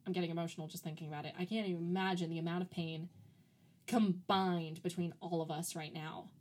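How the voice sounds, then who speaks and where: A woman's voice: fairly low pitch, steady tone, quick pace, a little mellow. Woman, podcast co-host, casual chat, rambling, filler words, laughs easily.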